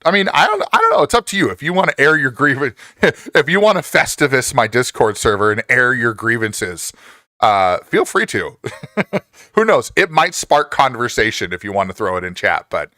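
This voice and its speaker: A man in his forties casually chatting with viewers on a live stream, reading their messages, laughing often and jumping up in pitch when excited. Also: moderate pace, dry recording, clean studio sound.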